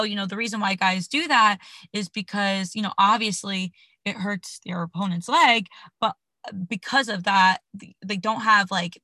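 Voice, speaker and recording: A woman's voice: mid-range voice, pushed and bright, no echo. A young woman hosting a podcast, chatting casually with slangy talk and dramatic reactions. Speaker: podcast host. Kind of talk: casual chat.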